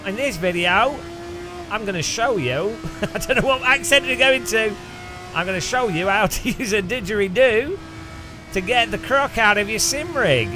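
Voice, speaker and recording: A British man putting on an excitable male Australian outback presenter voice for a joke. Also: high voice, moderate pace, music in the background, voice pushed up. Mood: mock excited. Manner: exaggerated mock-Australian, playful.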